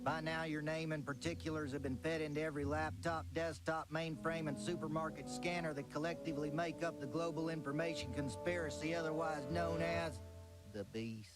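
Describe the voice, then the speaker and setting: A man's voice: fairly high pitch, steady tone, a little fast, close to an everyday voice. An actor voicing a middle-aged male cartoon neighbor obsessed with conspiracies, with a smug, lecturing drawl. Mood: paranoid. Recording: clip with music behind.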